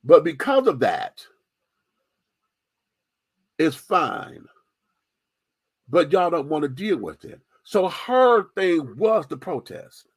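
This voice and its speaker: A man's voice: a little high, very animated, slow, pauses often, husky, dry recording. A man hosting a radio show, speaking in impassioned, profane, sassy commentary.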